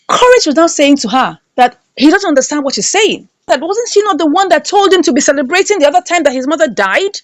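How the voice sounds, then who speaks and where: This movie reviewer has an extremely high-pitched voice, captured in a dry recording. She gives an animated recap of a film, commenting indignantly and emphatically and repeating lines for effect.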